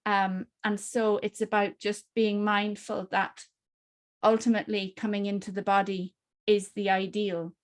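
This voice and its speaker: A woman's voice: medium pitch, flat delivery, unhurried. Woman on a webinar panel, explains stuff, repeats words when she restarts.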